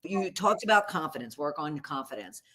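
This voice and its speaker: A woman with a low voice hosts a podcast conversation. She frames questions loosely, restarting mid-phrase, and chimes in with agreement. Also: big pitch swings, moderate pace, bright, forceful tone. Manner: supportive, asks rambling questions with restarts. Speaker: podcast host. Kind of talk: podcast interview.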